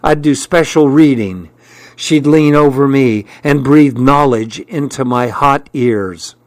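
A man narrating a first-person story as an audiobook, with measured storytelling. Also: medium pitch, no echo.

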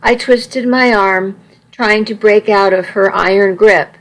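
A woman narrates a first-person story with a wry, self-mocking touch. She reads slowly and evenly at a middle pitch, with a noticeable gravelly fry at the ends of her phrases. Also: steady tone, rough recording. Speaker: audiobook narrator.

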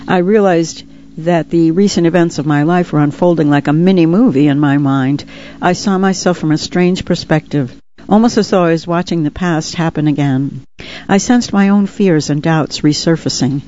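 A woman's voice: sits low, warm tone, dull audio. A woman, the author, reading her own memoir aloud in an earnest, reflective, heartfelt way. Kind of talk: audiobook memoir narration.

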